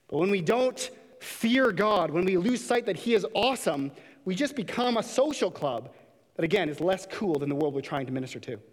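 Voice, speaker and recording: A man's voice: sits high, big-room sound. A man preaching a sermon in a church, impassioned, sometimes putting on mocking voices to make a point. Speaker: pastor.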